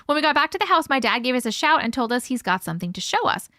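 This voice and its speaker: A woman's voice: high-pitched, big pitch swings, racing, sharp tone, no room sound, clean studio sound. A woman hosting a live stream, reading a viewer's story aloud and breaking in with chatty asides. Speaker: host reading viewer stories.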